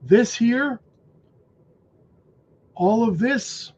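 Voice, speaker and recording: A man hosting a crypto livestream, hoarse from losing his voice, talking emphatically and asking "okay?" and "right?" as he warns viewers. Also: very high-pitched, lively intonation, drawn-out words, rough recording. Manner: emphatic, warning, says "okay?" and "right?" often. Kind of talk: casual livestream commentary.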